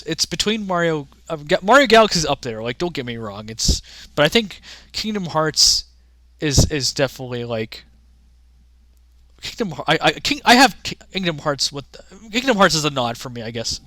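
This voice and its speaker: A man giving casual, rambling commentary on games he has played, halting with many restarts and fillers and offering frank, offhand opinions. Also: a little high, sing-song, bright, forceful tone, no echo. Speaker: gaming content creator.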